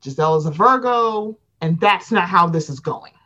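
A woman's voice: lowish voice, normal speed, lo-fi sound. A woman chatting casually, animatedly acting out other people's lines in playful voices and swearing freely. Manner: animated, acts out quotes with playful voices, profane. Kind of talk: casual chat recapping reality TV.

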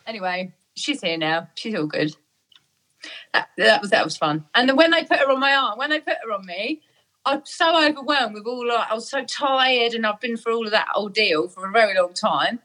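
A woman's voice: fairly high pitch, animated, normal speed, sharp tone. A middle-aged woman in a casual chat, telling a story with lots of laughter and acted-out voices. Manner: chatty storyteller, laughing often, acts out voices.

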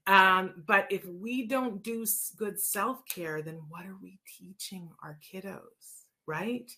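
A woman hosting a show, telling personal stories and answering listener questions in a casual, expressive way, with many fillers and restarts. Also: mid-range voice, slow.

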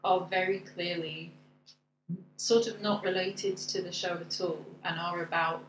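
A woman's voice: on the low side, fairly even intonation, a little slow. A woman co-hosting a podcast, recapping the plot and agreeing readily. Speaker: podcast co-host. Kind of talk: casual chat reviewing a musical. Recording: echoey room with faint noise.

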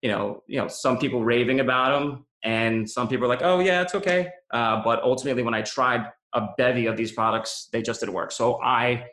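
A man's voice: medium pitch, level tone, a little fast, few pauses, fairly bright tone. A man being interviewed, telling his own story candidly and reflectively, with lots of "um" and "you know". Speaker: interview guest, business founder. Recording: roomy echo.

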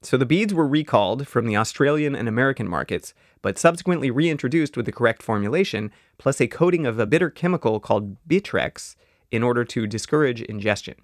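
A man's voice: medium pitch, lively intonation, fairly quick, no echo. A man co-hosting a casual comedy podcast, explaining a topic in a dry, wry way. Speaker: podcast co-host.

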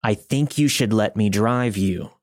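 A man voicing a clean-cut stranger who sounds smooth and eerily insistent, with a dry, close sound. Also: lowish voice, unhurried, dry recording, natural voice. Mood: menacing. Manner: smooth, then demanding and forceful.

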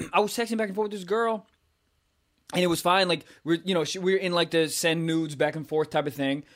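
Young male comic, casual profane storyteller, voice a touch high. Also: fairly even intonation, a little fast. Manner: profane, storytelling, loud acted outbursts. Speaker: comedian podcast co-host. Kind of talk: casual chat.

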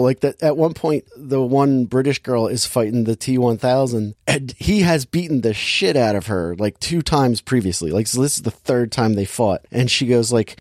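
A man's voice: medium pitch, lively intonation, moderate pace, hardly any pauses, a little mellow, dry recording, clean studio sound. A man hosting a casual movie review chat, exasperated and sarcastic, acting out lines from the film. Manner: exasperated, sarcastic, acts out quotes. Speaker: movie podcast host.

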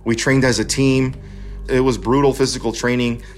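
This veteran storyteller, a California man in his thirties, recounts his life earnestly, performing the remembered conversations as he goes. His medium-pitched voice is flat, his pace moderate, with soft music playing underneath.

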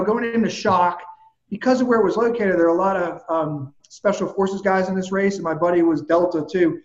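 A man with a notably high voice tells his story with animated energy and casual bluntness. The sound is roomy and a bit muffled. He speaks as a guest on a casual chat. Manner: animated, vivid storyteller who swears casually. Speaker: guest, personal trainer.

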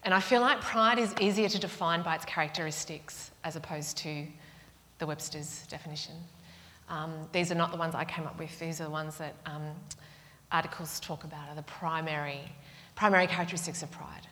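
A woman preaching a sermon, telling stories with animated delivery that drops into whispers. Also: sits low, a little fast. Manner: animated storytelling, breaks into whispers and laughs. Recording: long hall reverb.

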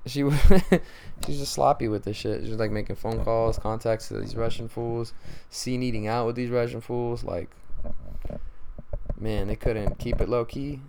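Gravelly, profane podcast host ranting. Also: male voice, mid-range voice, steady tone, measured pace, darkish tone, slight background noise. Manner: profane, rambling, exasperated. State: tired. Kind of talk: casual solo rant.

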